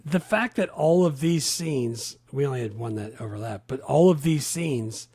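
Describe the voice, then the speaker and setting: Husky-voiced man in enthusiastic chat. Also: animated, moderate pace, no echo. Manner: enthusiastic, often trails off low and quiet. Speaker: podcast co-host. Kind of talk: casual movie chat.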